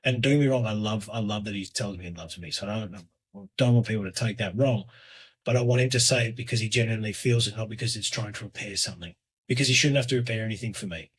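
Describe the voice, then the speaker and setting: A man in his thirties hosting a solo podcast, talking in a hesitant, reflective way with lots of fillers and restarts, often trailing off quietly. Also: on the low side, fast talker, slightly rough. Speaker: podcast host.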